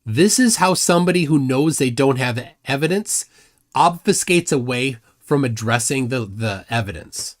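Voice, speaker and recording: Animated mocking male livestream host. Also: mid-range voice, moderate pace. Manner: mocking, combative, reads chat aloud. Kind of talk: live debate commentary.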